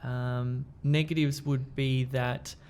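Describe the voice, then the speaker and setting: A man co-hosting a casual chat, with a gravelly, creaky edge to his voice. He talks in a relaxed, halting way, with frequent ums and restarts while he works out his questions. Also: medium pitch, a little hiss or hum. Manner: relaxed, hesitant with many fillers and restarts. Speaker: podcast co-host. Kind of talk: casual discussion.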